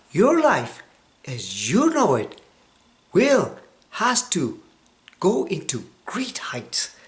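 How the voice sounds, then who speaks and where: A hoarse man in his sixties, his voice rough from a cold, delivers a motivational talk at an unhurried pace. His pitch swings widely as he preaches, and he sometimes drops to a near whisper for stress. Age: 60s. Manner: emphatic preaching, dropping to a hushed whisper for stress. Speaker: motivational vlogger. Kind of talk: motivational self-help talk.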